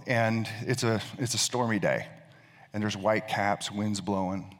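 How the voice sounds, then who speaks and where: A man's voice: lowish voice, normal speed. A male pastor preaching a sermon, telling a story and often repeating words as he thinks. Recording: long reverb of a large hall.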